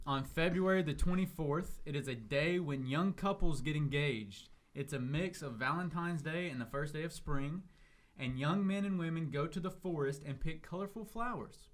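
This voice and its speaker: A man's voice: fairly high pitch, moderate pace. A man hosting a casual podcast chat, joking and laughing often. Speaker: podcast host.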